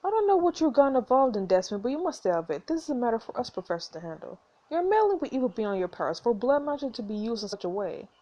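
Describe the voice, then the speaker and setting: A woman's voice: a little high, big pitch swings, fast, mellow, lo-fi sound. A woman reading as a stern secretive professor. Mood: stern warning. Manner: firm, formal and dismissive.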